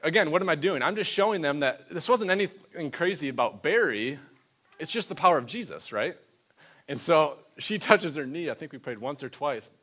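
A man preaching, telling a lively testimony story and acting out the people in it. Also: on the high side, moderate pace. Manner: animated storyteller voicing others in quotes.

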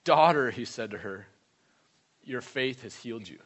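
A man's voice: mid-range voice, expressive, moderate pace, fairly bright tone. A man preaching a conversational sermon, stressing points with repeated questions and short reading passages. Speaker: pastor.

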